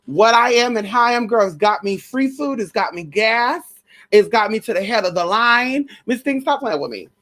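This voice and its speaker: A woman with a slightly high, a bit bright voice speaks expressively at a moderate pace. Hosting a live stream, she chats about celebrity spirits with brash slang, sass, and frequent profanity.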